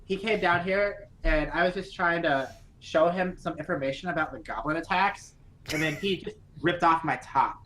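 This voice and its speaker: A man's voice: a little high, moderate pace, sharp tone, a little hiss or hum, poor audio. A man voicing a sly young woman, a daughter, in a pleading, whiny manner.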